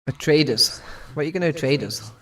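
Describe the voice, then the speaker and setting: A man's voice: fairly high pitch, a little fast, fairly bright tone, recorded from a distance. A British man streaming a strategy game and chatting with friends, joking and laughing often. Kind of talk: casual gaming chat with friends.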